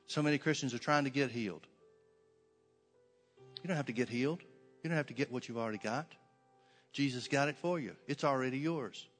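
A man's voice: mid-range voice, brisk, long pauses, big-room sound, faint music behind. A man preaching a sermon in an emphatic, rhythmic cadence, leading a congregation.

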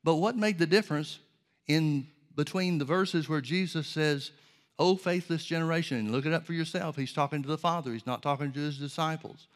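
A man preaching a sermon, teaching in an earnest, measured way and asking rhetorical questions. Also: on the high side.

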